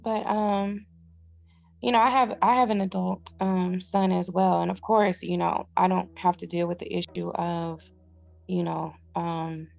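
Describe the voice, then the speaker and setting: Woman, middle-aged, gravelly, mellow low-toned voice, muffled phone recording, faint music behind. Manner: reads passages aloud, then comments in a relaxed chatty way. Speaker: vlogger reading and reviewing a self-help book. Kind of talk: casual vlog with book reading aloud. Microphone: phone with headphones in.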